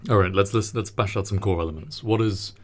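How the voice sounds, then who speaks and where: A man's voice: lowish voice, brisk. A man chatting casually as co-host, joking and rambling with plenty of ums. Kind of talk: casual chat.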